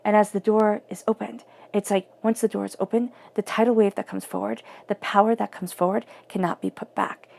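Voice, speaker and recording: Woman, tarot reader, gravelly low fry, mellow tone, flowing and searching, repeats herself. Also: fairly even intonation, fairly quick, few pauses. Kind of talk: spoken tarot reading.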